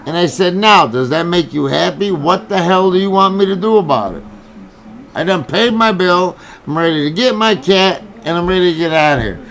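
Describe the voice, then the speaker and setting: Gravelly man ranting, profane and heated. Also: high-pitched, expressive, moderate pace, fairly bright tone, poor audio. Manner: profane, heated storytelling with quoted dialogue. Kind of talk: angry personal rant.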